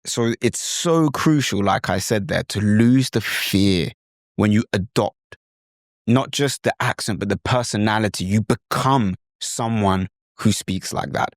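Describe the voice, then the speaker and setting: A man's voice: on the low side, unhurried, dry recording, studio quality. British man coaching accents. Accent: British English. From England. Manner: earnest, demonstrates voices. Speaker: podcast host.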